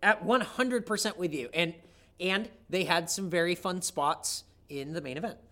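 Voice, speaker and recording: A man's voice: high voice, pushed and bright. A man co-hosting a podcast, recapping wrestling in casual chat, enthusiastic, swears a lot, teases his co-host. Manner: enthusiastic, profane, quick to tease.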